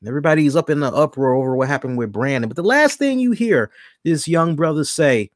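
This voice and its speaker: A man in his thirties hosting a podcast, telling a story in a casual rant, acting out the people in it with big jumps in pitch and some swearing. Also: a little fast, no echo, studio quality. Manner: animated, acts out quoted dialogue with big pitch jumps, swears. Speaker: podcast host.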